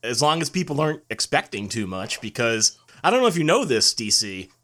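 A man's voice: mid-range voice, big pitch swings, fairly quick, sharp tone. A man co-hosting a podcast in casual chat, teasing dryly and often restarting his sentences. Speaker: podcast co-host.

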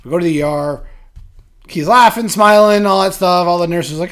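A man's voice: high voice, fairly quick, fairly bright tone. A man hosting a podcast in casual chat, teasing his partner and telling stories with acted-out quotes. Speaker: podcast host.

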